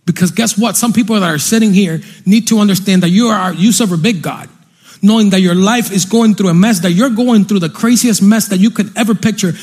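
A man preaching a fervent, repetitive sermon from a church stage, breaking into sung and shouted lines. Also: high voice, a little fast, breathy edge.

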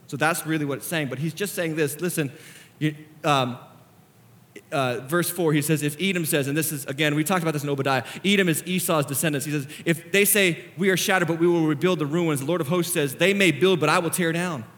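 A man preaching a sermon as pastor, passionate, swinging between hushed reflection and near-shouting. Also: on the high side, a little fast.

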